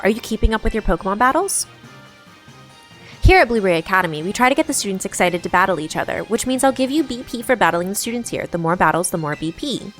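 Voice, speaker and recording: A chipper, encouraging school guidance counselor from a video game, read aloud by a woman. The voice bounces up and down a lot, lively and upbeat, with faint music underneath. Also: medium pitch, close to an everyday voice. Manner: cheery, encouraging. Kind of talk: reading game dialogue aloud.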